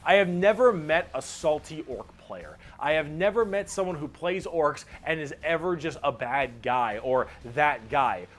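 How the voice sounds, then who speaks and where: A man excitedly explaining a fantasy war game's creatures, swearing freely and slipping into quick mimicry of characters. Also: on the high side. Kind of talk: animated casual explanation.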